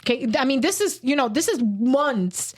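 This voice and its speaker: A woman guest on a podcast telling a personal story with feeling, in halting sentences full of restarts, acting out the words of the people in it. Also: sits high, very animated, darkish tone. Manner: halting, restarts, acts out quoted speech.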